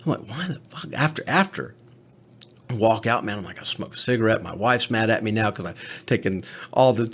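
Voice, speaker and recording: A man's voice: fairly low pitch, brisk, a bit bright. A man who is a paramedic, telling candid stories in a podcast conversation, blunt and profane. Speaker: paramedic co-host.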